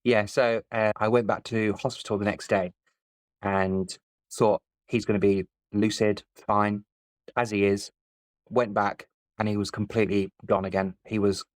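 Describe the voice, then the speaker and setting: A man's voice: on the low side, little pitch movement, measured pace, no echo. A man, telling a personal story as a podcast guest in a candid, plain-spoken way. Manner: candid, plain-spoken, speeds up in tense moments.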